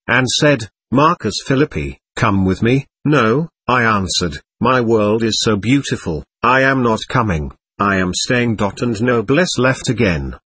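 A man telling a first-person story in a slow, measured way, pausing to say "dot" after sentences as if dictating. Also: mid-range voice, a bit bright, husky, no echo. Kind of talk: first-person spoken narration.

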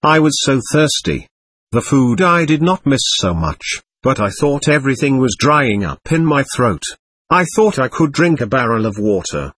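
A man reading aloud the words of a lost, lonely, childlike girl spirit from a séance record, in a plain, steady way. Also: mid-range voice, normal speed, breathy edge, dry recording. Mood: wistful.

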